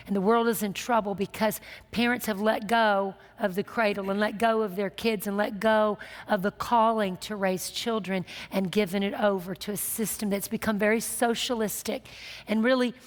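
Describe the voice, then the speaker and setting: A middle-aged woman minister and show host, telling a story from her life in a lively, laughing, self-mocking way. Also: mid-range voice, big-room sound. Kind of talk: storytelling testimony in casual chat.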